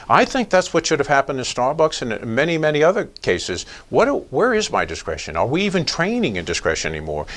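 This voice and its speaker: An older man who is a police trainer, giving a training lecture to agency leaders with emphatic, rhetorical delivery. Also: medium pitch. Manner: emphatic, animated, asks rhetorical questions.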